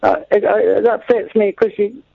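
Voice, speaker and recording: A man's voice: sits high, little pitch movement, brisk, vocal fry. A man from Maidstone calling in to a radio show, chatting in a rambling, hesitant way with little giggles. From Maidstone, England. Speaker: caller. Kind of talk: phone-in chat. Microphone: phone. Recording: dull phone line.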